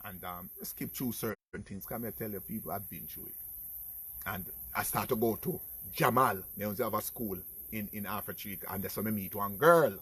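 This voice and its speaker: A middle-aged Jamaican man telling his own life stories in a casual vlog, animated and talking to his viewers as "people". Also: lowish voice, moderate pace, breathy edge. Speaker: vlogger. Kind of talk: casual storytelling.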